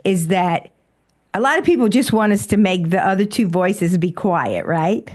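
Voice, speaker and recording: A woman coaching a guest, affirming him often and acting out inner voices in quick quoted asides. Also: medium pitch, animated, a little mellow. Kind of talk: live coaching session.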